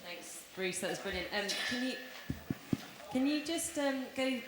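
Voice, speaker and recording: A woman in the audience asking a friendly, slightly halting follow-up question. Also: on the high side, expressive. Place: large conference hall. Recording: distant, echoey hall with faint noise.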